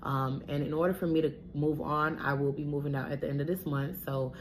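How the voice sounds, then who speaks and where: A woman's voice: sits low, fairly even intonation, fairly quick, noisy background. A woman in her twenties telling a personal story in a blunt, profane, casual way, talking straight to her viewers.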